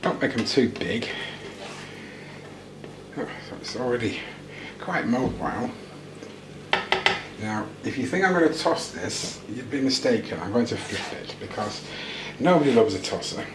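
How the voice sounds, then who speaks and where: A man's voice: medium pitch, lively intonation, unhurried, long pauses, reverberant, noisy background. A British man cooking at home and chatting casually to the camera, making self-deprecating jokes as he goes. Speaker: vlogger. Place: home kitchen.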